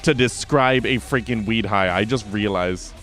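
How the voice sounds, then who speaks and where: A man's voice: lowish voice, music in the background. Man narrating a tabletop game. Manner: vivid, drawn-out scene description with many fillers. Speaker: game master.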